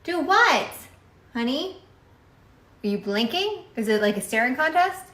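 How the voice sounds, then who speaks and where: A woman's voice: sits high, very animated, unhurried, a bit bright, reverberant, rough recording. A woman at home on a phone video, puzzled and teasing as she asks what her partner is doing. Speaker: wife being pranked. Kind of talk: casual home video chat.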